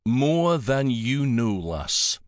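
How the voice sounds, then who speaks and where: A man's voice: mid-range voice, big pitch swings, extremely slow, no room sound, clean studio sound. A man narrating an audiobook voices a jovial, teasing male dragon king with a thick Scottish accent. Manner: teasing, warm-humored.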